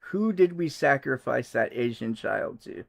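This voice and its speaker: Gravelly, slow-talking male streamer. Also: mid-range voice, animated. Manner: joking, laughs often, talks to chat. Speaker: livestream host. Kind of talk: casual livestream chat.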